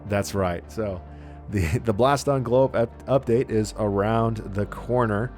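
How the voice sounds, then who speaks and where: A man hosting a casual gaming podcast, relaxed and rambling with plenty of fillers. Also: fairly low pitch, measured pace, soft background music. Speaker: podcast host.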